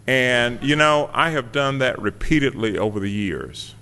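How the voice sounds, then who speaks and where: A man of middle pitch tells his own story to a gathered audience in a relaxed, conversational way, with a wry, self-deprecating humor. His voice carries a long hall reverb, as if he is speaking in a big meeting room. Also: unhurried, clear, resonant tone. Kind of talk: personal testimony to a live audience.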